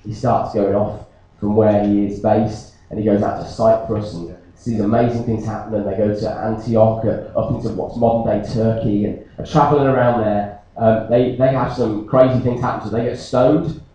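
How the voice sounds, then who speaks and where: A man from Britain, a pastor, preaching a sermon and telling a personal story in a jokey, animated way. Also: on the low side, moderate pace, highs cut off. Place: church. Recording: echoey church from a distance.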